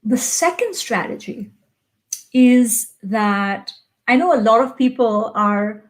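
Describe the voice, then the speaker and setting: A woman executive coach giving a motivational self-help talk in an expressive, conversational way, with frequent pauses. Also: on the high side, rough recording.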